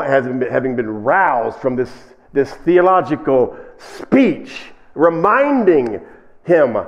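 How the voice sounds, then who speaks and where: A man preaching a sermon with a fairly high, lively voice that climbs and drops as he acts out the people in the story. He reads scripture and explains it to his congregation. The recording is muffled and lo-fi. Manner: animated preaching, acting out quoted speakers in raised voices. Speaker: pastor.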